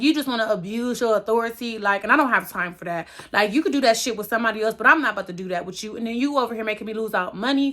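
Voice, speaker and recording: Profane, ranting young woman with a bright voice. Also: on the high side. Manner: profane, animated rant with many fillers. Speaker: vlogger. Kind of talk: casual storytime rant.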